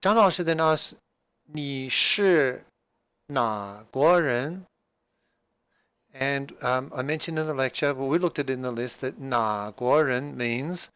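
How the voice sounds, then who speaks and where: A man's voice: medium pitch, unhurried, a bit bright, clean tone, no echo. A man teaching a language class, explaining a dialogue patiently with frequent fillers and restarts.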